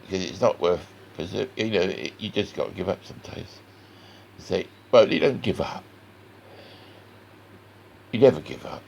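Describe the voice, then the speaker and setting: A man's voice: sits low, animated, normal speed, gravelly, pauses often, a little mellow, a little hiss or hum. A man with a West Country accent, chatting in a rambling, folksy way to the viewer while he draws. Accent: West Country English. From West Country of England. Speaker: cartoon artist. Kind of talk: chatty drawing tutorial.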